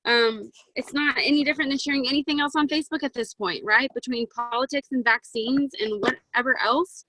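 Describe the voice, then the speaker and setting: A woman in her twenties giving a chatty, excitable motivational talk to a sales team over a video call from her closet, with plenty of "um" and "right?". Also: high voice, fairly quick, rough recording. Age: 20s. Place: home walk-in closet.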